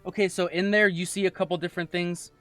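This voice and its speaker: Higher-voiced man running a tabletop game. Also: fairly even intonation, a bit bright, faint music behind. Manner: reads descriptions aloud, halting restarts. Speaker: game master.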